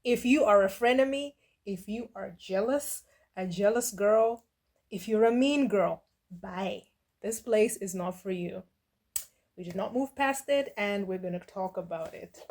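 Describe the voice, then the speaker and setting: A middle-aged woman hosting a reaction video, talking in a sassy, blunt and mocking way, with quick dismissive asides. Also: mid-range voice, a little mellow. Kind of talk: casual reaction commentary.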